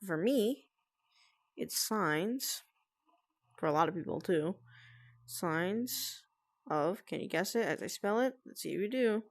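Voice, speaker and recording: A woman talking quietly and carefully at home, explaining herself to friends with nervous laughs. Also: medium pitch, expressive, takes it slowly, long pauses. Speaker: vlogger. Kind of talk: casual explainer talk to friends. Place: at home with family nearby.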